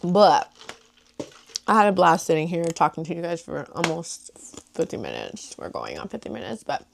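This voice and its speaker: A woman's voice: low voice, very animated, normal speed, vocal fry, slight background noise. A young woman vlogging casually to her viewers, chatty and rambling, with many fillers like "like" and "you know". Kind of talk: casual chat to camera.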